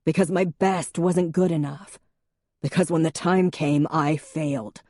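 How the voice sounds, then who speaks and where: A woman narrator voicing a haunted man, forceful in anger and low when he goes quiet. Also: steady tone, measured pace, dry recording, clean studio sound. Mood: angry.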